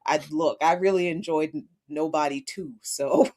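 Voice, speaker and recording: A woman's voice: low voice, normal speed, a little mellow. A woman co-hosting a morning show, bantering in a playful, self-deprecating way. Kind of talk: casual banter.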